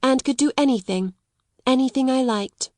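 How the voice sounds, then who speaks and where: A woman's voice: high-pitched, moderate pace, a little mellow, no room sound, clean studio sound, voice pushed up, lightly acted. A woman reading aloud and voicing a proud, composed young schoolgirl who speaks grandly and politely. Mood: grandly defiant.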